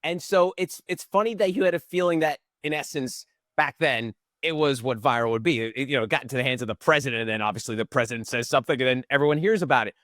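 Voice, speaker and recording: A man's voice: mid-range voice, fast talker, a bit bright, dry recording, studio quality. A man hosting a podcast, asking long, chatty, upbeat questions and thinking aloud as he goes. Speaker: podcast host. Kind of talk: conversational interview questions.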